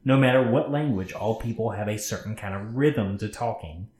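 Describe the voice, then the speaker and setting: A man's voice: lowish voice, moderate pace, darkish tone. A man co-hosting a podcast, casually reading a scary story aloud, swearing freely and stopping to comment. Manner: profane, chatty, breaks off to comment. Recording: roomy echo.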